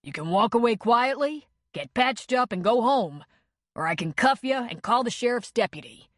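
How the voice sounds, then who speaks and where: A woman's voice: a little high, lively intonation, moderate pace, no room sound, studio quality, pitched above the performer's own voice. Woman voicing a firm small-town cop. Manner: firm, authoritative.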